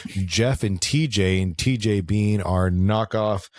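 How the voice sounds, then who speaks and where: A man's voice: fairly low pitch, slow pace, no room sound. A man co-hosting a podcast, recapping a horror film in casual chat, swearing freely and laughing often. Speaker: podcast co-host. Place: moved to Southern California.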